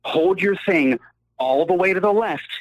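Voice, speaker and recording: Brief: podcast guest, man, fairly high voice, dry sound, animated ranting storyteller. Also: measured pace, dry recording, muffled recording. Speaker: guest caller. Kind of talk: casual podcast chat.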